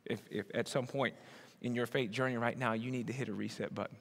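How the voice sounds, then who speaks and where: A man preaching a sermon, swinging from loud emphatic bursts to low, quiet asides. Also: fairly even intonation, quick pace, creaky, long reverb tail. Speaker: pastor.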